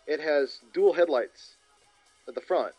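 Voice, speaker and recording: A man's voice: a little high, a little slow. A man co-hosting a podcast, rambling through details and correcting himself as he goes. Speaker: podcast co-host. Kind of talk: casual chat. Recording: dull lo-fi with faint music.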